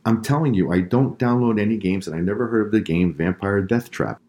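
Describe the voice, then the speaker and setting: A man's voice: lowish voice, brisk, dark tone, close to an everyday voice. A man voicing an older brother boy who protests he is innocent. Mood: protesting. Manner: protesting, insistent. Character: older brother boy, indignant and falsely accused.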